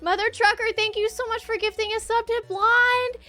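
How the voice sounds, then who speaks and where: Very high, bright-voiced excitable woman streamer. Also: moderate pace, soft background music. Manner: excitable, giddy, often laughing and exclaiming. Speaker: streamer hosting a tabletop game session. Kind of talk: live stream chat thanking viewers.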